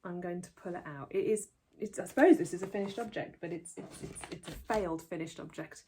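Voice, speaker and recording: A woman's voice: lowish voice, a little fast, mellow, a little hiss or hum. A woman hosting a knitting podcast, talking casually to the camera in a rambling, self-deprecating way with many restarts.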